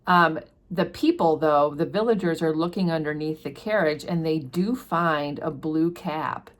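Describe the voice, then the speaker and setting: A woman's voice: low-pitched, measured pace. A woman hosting a book channel, giving a casual, explanatory chapter summary with fillers.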